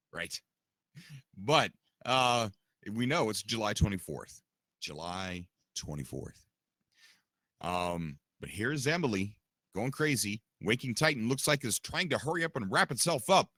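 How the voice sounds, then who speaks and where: A man's voice: on the low side, sharp tone, no echo, clean studio sound. A man hosting a livestream podcast, chatting casually and rambling straight to his viewers. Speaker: podcast host and streamer.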